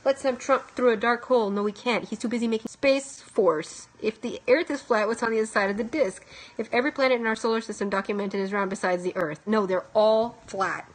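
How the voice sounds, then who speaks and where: A woman's voice: fairly high pitch, fairly quick. A young woman chatting casually and comically on a live stream, reading and answering audience comments and laughing often. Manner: joking, animated, laughs often. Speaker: vlogger reacting to audience chat.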